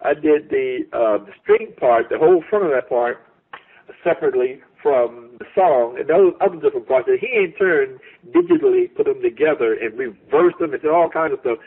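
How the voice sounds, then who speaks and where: A man's voice: mid-range voice, normal speed, slightly rough. A man, a music producer and songwriter, reminiscing in an interview, telling stories with lots of repeats and restarts. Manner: animated storyteller who repeats and restarts phrases. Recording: tinny phone line.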